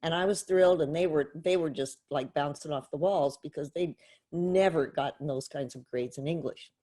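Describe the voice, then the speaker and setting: A woman's voice: deep voice, moderate pace. A middle-aged woman with a Canadian accent, a podcast guest telling a personal anecdote and acting out the dialogue in it. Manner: animated storyteller, acts out quoted dialogue. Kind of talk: storytelling anecdote.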